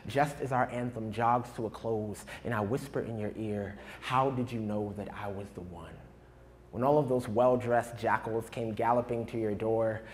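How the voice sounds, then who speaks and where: A young performance poet from New York, with a mid-range voice, jokes and chats with a live audience in a college hall. He then recites his own poem, its rhythmic verse swelling and softening.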